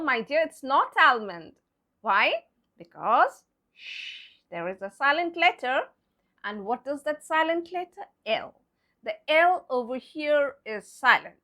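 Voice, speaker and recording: A woman teaching English pronunciation in a high, bright voice that swoops up and down. She speaks slowly, spells words out letter by letter and drops to a playful hush for the silent letters. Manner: playful, hushing "shh", repeats words slowly. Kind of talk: explaining pronunciation to viewers.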